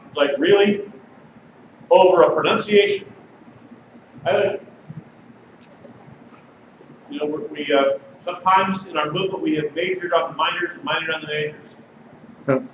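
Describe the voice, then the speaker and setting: High-voiced pastor preaching in an echoey hall. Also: male voice, moderate pace, pauses often. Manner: conversational preaching, reads passages aloud. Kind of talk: sermon. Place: congregation sanctuary. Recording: distant mic, echoey sanctuary, dull and noisy.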